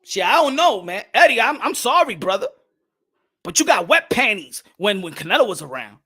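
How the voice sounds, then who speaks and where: A young man hosting a boxing talk stream, animated and swearing freely as he reads the chat. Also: sits high, normal speed, slightly rough. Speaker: boxing commentator host.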